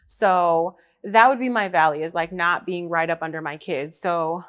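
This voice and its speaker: A woman, a mother, hosting her own podcast in casual chat, talking lively and straight to the women listening. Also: lowish voice, normal speed, few pauses. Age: adult mother. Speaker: podcast host.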